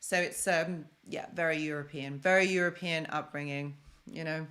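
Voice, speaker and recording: A woman's voice: low-pitched, steady tone, normal speed, a bit bright. A young woman from London hosts a casual self-help live stream, chatting and repeating phrases for emphasis while she answers viewer comments.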